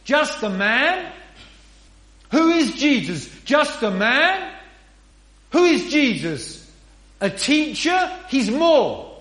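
A man's voice: extremely high pitch, sing-song, drawn-out words, long pauses, fairly bright tone. A man preaching a sermon in an earnest, emphatic way, often asking rhetorical questions. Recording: roomy echo.

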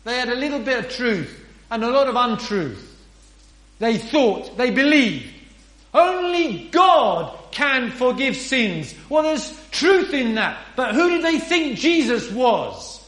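A man's voice: very high voice, very animated, unhurried, fairly bright tone. A man preaching a sermon in an earnest, emphatic way, often asking rhetorical questions. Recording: roomy echo.

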